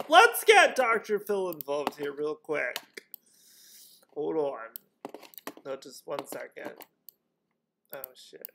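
A man's voice: a little high, big pitch swings, slow pace, vocal fry, long pauses, background noise. A man chatting casually while scratching lottery tickets at home, constantly breaking into laughter. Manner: giggly, keeps breaking into helpless laughter.

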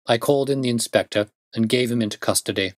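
A man reading a classic detective story aloud in a measured, steady narration. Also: medium pitch, dry recording. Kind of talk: audiobook narration.

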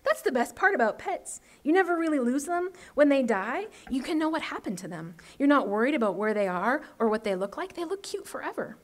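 Woman doing an eerily calm bossy girl. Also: high-pitched, a little fast, few pauses, voice pushed up. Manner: matter-of-fact, hushed, bossy. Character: eerie, bossy little girl, unsettlingly calm.

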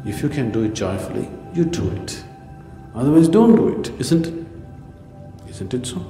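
A man gives a spiritual talk with a mellow, rounded tone. He teases his listeners with rhetorical questions and wry jokes. His voice rings through a reverberant hall, with soft music playing faintly behind. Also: mid-range voice. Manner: rhetorical questions, joking asides. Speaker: spiritual teacher.

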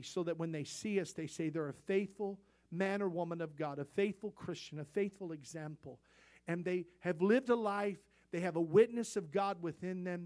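A middle-aged man with a fairly high voice delivers a church sermon. He tells homespun stories in a conversational way and builds to loud, emphatic peaks. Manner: folksy storytelling, rising to emphatic peaks. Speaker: pastor.

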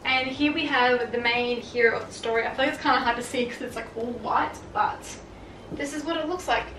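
A young woman, a fashion vlogger, chatting excitedly in her bedroom with lots of fillers. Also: a little high, fairly quick, noisy background. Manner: gushing, filler-heavy, excitable. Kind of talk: casual vlog chat. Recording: echoey room, far from mic, music behind.

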